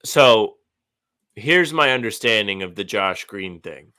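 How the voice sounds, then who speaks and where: A man's voice: lowish voice, expressive, slow pace, pushed and bright, no room sound. A man co-hosting a podcast in casual chat, teasing his partner and reading out news. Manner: teasing, reads news reports aloud. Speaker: podcast co-host.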